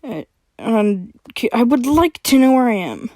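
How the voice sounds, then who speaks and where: A stammering, grumpy fox-tailed young man, as a woman reads him aloud. He is stammering and unhurried in a dry, close recording. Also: mid-range voice, darkish tone, dry recording, close to an everyday voice. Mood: impatient. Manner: stammering, sighing. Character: young male fox-tailed stranger, grumpy then eager.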